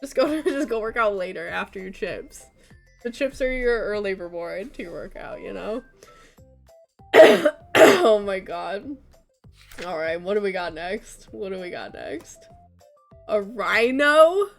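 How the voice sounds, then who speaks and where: A woman's voice: mid-range voice, animated, unhurried, vocal fry, soft background music. A young woman streaming a game, chatting casually with her chat and laughing often. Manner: chatty, giggly, talking to chat.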